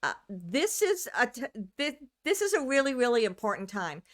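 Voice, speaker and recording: A woman's voice: fairly high pitch, big pitch swings, normal speed, a bit bright. A woman from the United States, a channeler hosting a live stream, chatting casually with viewers, rambling, restarting sentences and greeting people by name.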